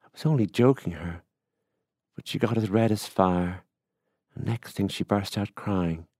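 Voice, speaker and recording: A man's voice: lowish voice, measured pace, dark tone, no room sound, studio quality. A man voicing a rueful country widower. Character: middle-aged rural widower, rueful and plain-spoken.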